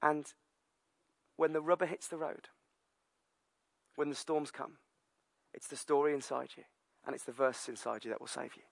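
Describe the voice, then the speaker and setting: A British man in his thirties preaching a sermon with personal stories, lively and filler-heavy. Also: on the high side, moderate pace, vocal fry, pauses often, no echo. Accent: British English. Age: 30s. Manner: storytelling, lively, many fillers. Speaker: pastor.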